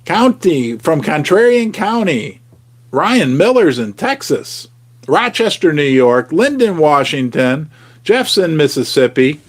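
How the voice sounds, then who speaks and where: A man hosting a casual livestream, jokey and animated, reading out viewer comments. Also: a little high, slow pace. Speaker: host.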